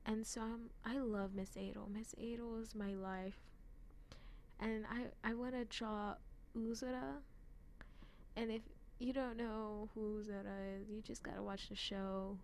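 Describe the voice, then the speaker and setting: A woman's voice: medium pitch, flat delivery, unhurried, darkish tone, a little hiss or hum. Giggly rambling young woman. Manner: giggly, rambling, lots of "like" fillers, self-deprecating. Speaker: anime fan vlogger. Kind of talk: casual rambling chat.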